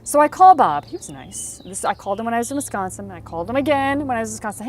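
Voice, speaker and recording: A woman teaching career advice in casual talk, telling stories with animated delivery and acting out the people she quotes. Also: on the high side, rapid-fire, slight background noise. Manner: animated storytelling, acts out quotes.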